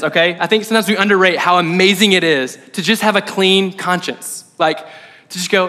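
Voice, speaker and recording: A man preaching a sermon as pastor, conversational and animated, often checking in with the audience. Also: high voice, normal speed. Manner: conversational, animated, frequent "right?" asides. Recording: long hall reverb.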